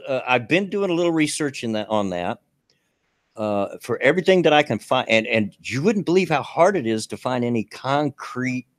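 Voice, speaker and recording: A man's voice: mid-range voice, a bit bright, dry recording. Folksy rambling man on a dry mic. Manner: folksy, rambling, laughs easily. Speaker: co-host of a live stream show. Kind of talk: casual live stream chat.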